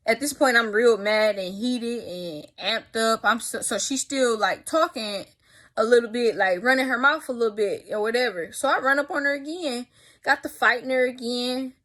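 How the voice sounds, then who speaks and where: A young woman telling a story in a casual vlog, animated and profane, with spoken sound effects. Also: fairly high pitch, normal speed. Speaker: vlogger.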